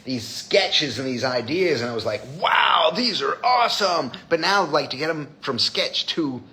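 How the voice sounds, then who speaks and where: A man's voice: medium pitch, expressive, normal speed, pushed and bright. A man hosting a live stream as a designer, chatting casually with viewers in a blunt, profane way.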